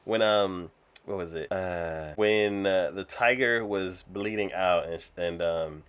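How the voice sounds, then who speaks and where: A man's voice: deep voice, takes it slowly, fairly bright tone, smooth. A man co-hosting an anime podcast in casual chat, laughing often and acting out lines of dialogue. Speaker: podcast co-host.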